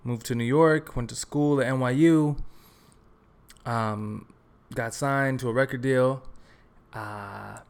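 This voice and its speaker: A young man from Texas hosting a solo podcast, telling a story in a relaxed, joking, rambling way with lots of fillers. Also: medium pitch, takes it slowly, pauses often. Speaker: podcast host. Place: his apartment.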